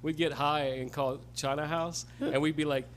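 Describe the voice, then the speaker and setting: Laid-back storytelling man, slightly high voice. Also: fairly even intonation, moderate pace, a little hiss or hum. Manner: laid-back storyteller, swears, laughs into his stories. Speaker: podcast co-host. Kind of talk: casual chat.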